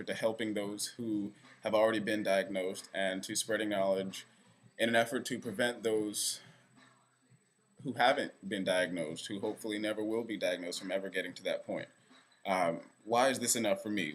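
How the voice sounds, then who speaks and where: A man's voice: lowish voice, fairly even intonation, normal speed, fairly bright tone. A young man vlogging to camera in a rambling, self-deprecating way. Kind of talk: casual direct-to-camera vlog. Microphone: camera facing speaker.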